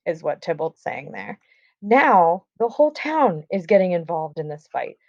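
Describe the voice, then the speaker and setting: A woman's voice: on the low side, very animated, measured pace, gravelly, dry recording. A woman teaching a class, reading lines from a play aloud and retelling them in casual, chatty terms. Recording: dull, dry lo-fi recording.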